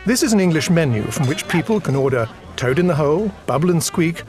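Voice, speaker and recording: A deadpan narrator from an educational game, read by a man, slow and matter-of-fact at a middle pitch. Game music sits clearly under every line. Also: close to an everyday voice. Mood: flat. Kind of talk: scripted narration.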